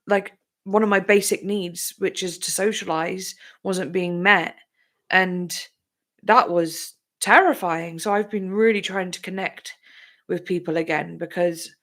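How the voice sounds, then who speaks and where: A woman's voice: fairly low pitch, a bit bright. A young woman hosting a live chat with viewers, talking candidly and emotionally, close to tears at times, with lots of fillers. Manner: candid, rambling, frequent fillers, breaks into laughs and tearful bursts. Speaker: livestream host chatting with viewers.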